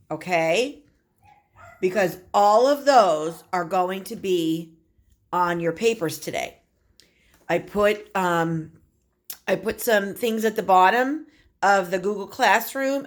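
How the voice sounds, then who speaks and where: In a recorded phonics lesson, a woman who teaches kindergarten pronounces letters and words slowly for young children, using a mid-range voice.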